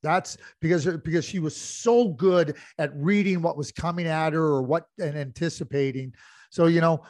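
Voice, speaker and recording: A man with a slightly high voice talks through the game analytically, stumbling and restarting as he builds his point. The sound is dry and close to the mic. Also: darkish tone, dry recording. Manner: analytical, many restarts and fillers. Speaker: podcast co-host, hockey analyst. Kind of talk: casual sports chat.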